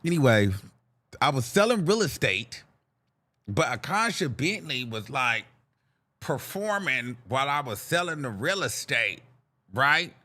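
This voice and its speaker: A young adult man hosting a podcast, telling a rambling, profane, animated story in casual talk and acting out the voices in it. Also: medium pitch, measured pace, long pauses. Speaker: podcast host.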